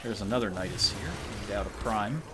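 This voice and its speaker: A man's voice: fairly low pitch, a little fast, background noise. A man live streaming a game, rambling and joking to himself and his viewers in casual chatter. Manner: rambling, joking, self-mocking.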